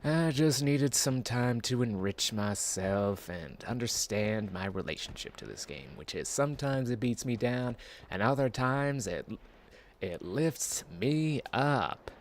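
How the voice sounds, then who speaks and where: A man's voice: medium pitch, expressive, a little slow, slight background noise. A man streaming a game, musing in a casual, rambling way with self-mocking asides. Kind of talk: casual rambling gameplay commentary.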